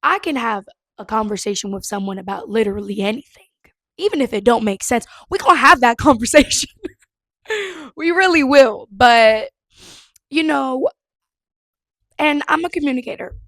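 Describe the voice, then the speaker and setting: A young woman hosting her own podcast in a casual, expressive chat, swearing freely and laughing often. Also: on the high side, moderate pace, long pauses, no room sound. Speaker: podcast host.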